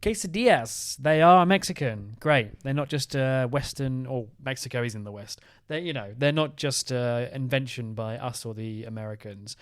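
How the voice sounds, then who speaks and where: A man's voice: mid-range voice, no echo, studio quality. A man co-hosting a travel vlog, running through a list in an upbeat, jokey manner. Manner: upbeat, jokey, quick list-style rundowns. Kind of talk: casual chat.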